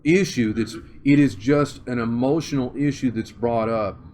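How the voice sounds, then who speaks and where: A man with a Southern accent from Oklahoma, giving an interview and thinking aloud with many pauses and restarts. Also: mid-range voice, crowd noise. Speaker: interview guest. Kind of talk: conversational interview.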